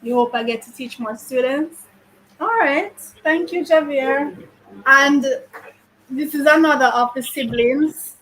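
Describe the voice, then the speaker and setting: In a classroom, a woman teacher with a high, fairly bright voice chats casually with her pupils, playfully teasing them with a string of questions. She speaks unhurriedly. The audio is poor, with slight background noise.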